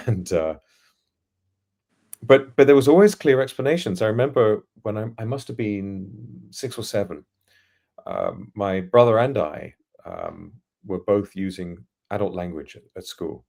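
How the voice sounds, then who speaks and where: Deep gravelly man with a posh English accent. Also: lively intonation, measured pace, darkish tone. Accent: standard English, trained by acting lessons. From England, East London. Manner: articulate, reflective, anecdotal, laughs now and then. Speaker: podcast guest, futurist. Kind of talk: casual storytelling in an interview.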